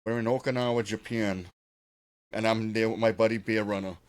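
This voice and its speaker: A man in his fifties with a Boston accent, co-hosting a podcast and telling a rough story in salty, animated casual chat. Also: lowish voice, brisk. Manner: profane, animated storyteller, frequent restarts. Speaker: podcast co-host.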